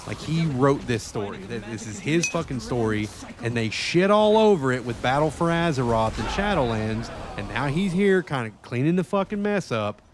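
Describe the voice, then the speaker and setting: Profane, animated man streaming games. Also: medium pitch, moderate pace, background noise. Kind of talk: casual game stream chat.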